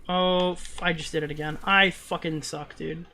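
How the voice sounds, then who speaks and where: A man's voice: on the high side, steady tone, normal speed, bright, forceful tone, slight background noise. Profane New York streamer man. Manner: casual, profane, frustrated outbursts at the game. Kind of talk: live gaming stream chat.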